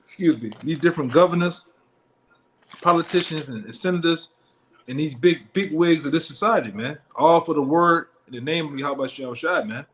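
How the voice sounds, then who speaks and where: A man's voice: on the high side, moderate pace, a bit bright, slight background noise. A man leading a Bible study in blunt, profane street talk, tagging his lines with "man" and "all right?". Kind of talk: street-style scripture teaching.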